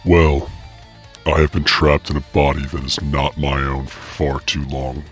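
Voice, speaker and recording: A man's voice: a bass voice, level tone, a little slow, a bit bright, faint music behind. A man voicing an arrogant male half-demon brother who speaks in curt, bold lines. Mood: defiant.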